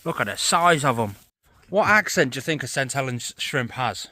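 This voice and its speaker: A man, chatting excitably to a handheld camera while vlogging outdoors in a forest at night. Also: medium pitch, normal speed, dry recording. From England. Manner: excitable, chatty, laughs often. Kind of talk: casual vlog narration.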